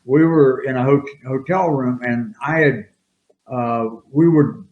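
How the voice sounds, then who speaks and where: A man's voice: medium pitch, unhurried. Older male storyteller, rambling and chuckling; echoey room, muffled lo-fi mic. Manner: rambling, laughing anecdotes. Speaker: retired wrestler guest. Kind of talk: casual storytelling interview. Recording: roomy, dull lo-fi sound.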